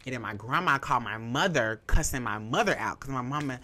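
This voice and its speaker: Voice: medium pitch, lively intonation, brisk, sharp tone. A young adult podcast host telling a personal story, candid, emphatic and profane, heavy on fillers, emotional and holding back tears.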